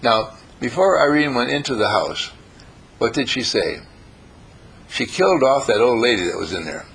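A man preaching a storytelling sermon in a playful, animated way, acting out the people in his story. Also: medium pitch, normal speed, creaky, breathy edge. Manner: animated, playful, acts out voices.

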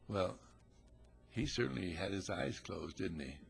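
A man with a gravelly, husky voice telling a folksy, chatty parable to listeners. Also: low voice, animated, normal speed. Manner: folksy, chatty, acts out characters. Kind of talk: conversational storytelling talk.

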